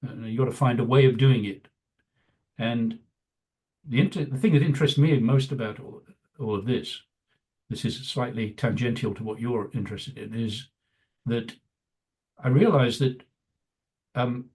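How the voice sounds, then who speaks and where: A man's voice: mid-range voice, moderate pace, pauses often, darkish tone. Older Englishman telling anecdotes. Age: 70s. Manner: rambling, anecdotal, many "you know" fillers. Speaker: guest, veteran news executive. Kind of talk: casual interview storytelling.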